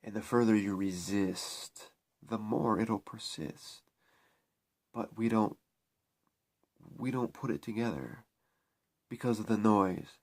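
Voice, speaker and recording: A man's voice: on the low side, takes it slowly, pauses often. A man talking to camera in a spiritual vlog, preaching in a repetitive, emphatic way with frequent restarts. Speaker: spiritual vlogger.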